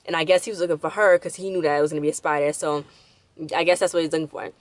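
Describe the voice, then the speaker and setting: A woman's voice: sits low, steady tone, rapid-fire, no echo. A woman giving a rambling, casual recap of a TV episode with lots of fillers and restarts. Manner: rambling, loose retelling with many fillers and restarts. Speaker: episode reviewer.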